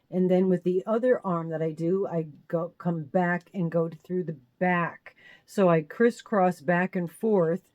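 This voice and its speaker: A woman's voice: fairly low pitch, darkish tone, no echo. A woman hosting her crochet channel, chatting casually as she shows and explains her handmade sweaters, rambling and correcting herself with small laughs. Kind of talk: casual show-and-tell crochet talk.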